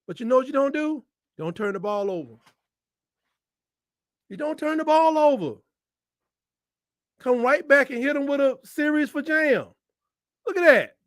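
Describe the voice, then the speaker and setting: A man hosting a live football watch-along, shouting at big plays and talking in casual slang. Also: very high-pitched, animated, measured pace, pauses often, dry recording, clean studio sound. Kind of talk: excited game-watch commentary.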